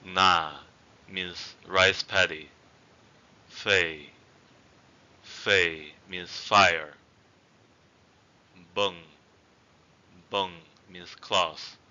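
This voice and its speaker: Slow, bright-toned man teaching a language. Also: sits low, clear, resonant tone. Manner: models each word twice, then explains it. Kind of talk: slow spoken language lesson. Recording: dull lo-fi recording.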